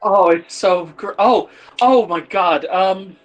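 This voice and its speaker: Rambling excitable man, fairly high voice. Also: takes it slowly, muffled recording, faint music behind. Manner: rambling, excitable, swears freely, restarts sentences. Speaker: tabletop game player on a livestream. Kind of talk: casual chat.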